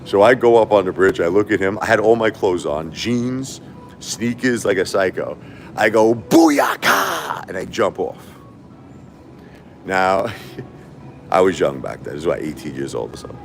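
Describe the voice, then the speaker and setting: Speaking at normal speed in a low, expressive voice, this middle-aged live-stream host wanders through stories, repeats himself, and laughs a lot. There's a faint hiss or hum under the casual chat.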